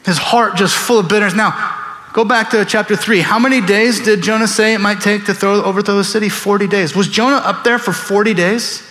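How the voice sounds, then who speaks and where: A man pastor delivering a sermon in an animated way, acting out biblical figures in quoted voices. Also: high voice, brisk. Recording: long reverb of a large hall.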